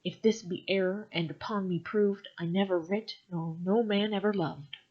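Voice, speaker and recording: A woman's voice: mid-range voice, steady tone, moderate pace. A young woman reading old sonnets aloud and then commenting on them in a wry, self-mocking, casual way. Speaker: vlogger. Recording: dull lo-fi home recording.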